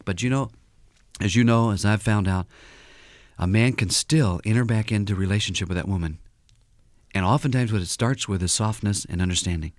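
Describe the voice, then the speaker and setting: Fairly low-pitched and brisk, a male guest counselor on talk radio animatedly narrates stories and plays out the quotes. The recording is clean studio sound with no echo.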